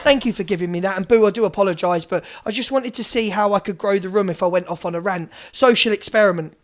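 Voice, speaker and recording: A woman's voice: mid-range voice, fast talker. A woman live streamer ranting, sweary, sarcastic and combative. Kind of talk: livestream rant.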